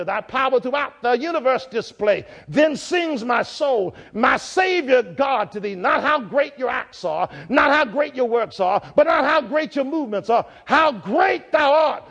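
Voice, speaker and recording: A man with a very high voice preaches in a church. He speaks in rhythmic, repeated phrases and climbs from low, thoughtful passages to full shouts. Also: dull audio. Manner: rhythmic, building to shouted climaxes. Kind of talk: sermon.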